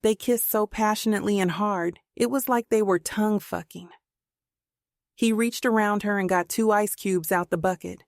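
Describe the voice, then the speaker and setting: A woman reading a novel aloud in steady, unhurried scripted narration. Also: medium pitch, no room sound, studio quality. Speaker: audiobook narrator.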